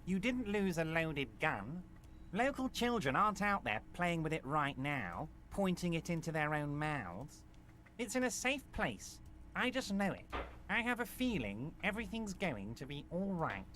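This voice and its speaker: An actor voicing a large, smooth-talking union boss in a video game, folksy and reassuring with a needling edge. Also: male voice, fairly high pitch, sing-song, a little slow, a bit bright, slight background noise. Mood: soothing.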